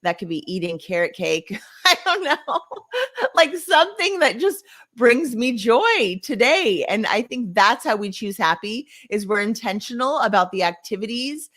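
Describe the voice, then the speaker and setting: A woman's voice: fairly high pitch, very animated, unhurried, a bit bright. A woman co-hosting a casual podcast as a coach, speaking in an encouraging, upbeat way and laughing easily.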